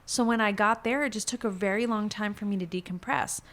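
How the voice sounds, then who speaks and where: A woman guest on a podcast, telling her story in a frank, animated conversational way and swearing casually. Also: medium pitch, a little fast.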